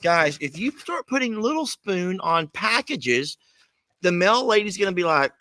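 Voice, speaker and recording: A man's voice: high-pitched, sing-song, measured pace, bright, forceful tone, no echo. A man, chatting casually as co-host while opening fan mail, playful and mock-exasperated. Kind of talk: casual chat.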